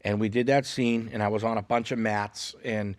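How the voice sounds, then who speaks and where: Boston-accented man telling animated stories. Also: on the low side, moderate pace, no room sound. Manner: animated storyteller, jokey and boastful. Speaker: guest comedian. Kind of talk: casual podcast chat. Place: podcast studio.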